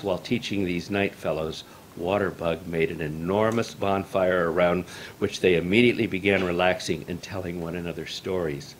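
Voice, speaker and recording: A male storyteller reads a folk tale aloud to an audience at an easy, measured pace. His voice sits fairly low. The manner is formal and calm. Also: a little hiss or hum.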